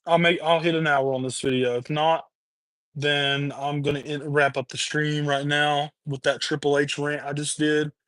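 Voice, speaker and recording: A man with a slightly high voice rants into his streaming mic, swearing constantly and hammering the same points over and over. The sound is close and dry, with no room around it. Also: little pitch movement, normal speed, fairly bright tone, dry recording. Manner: heated, profane, repetitive ranting. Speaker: livestream host. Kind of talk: angry rant on a livestream. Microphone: webcam or streaming mic.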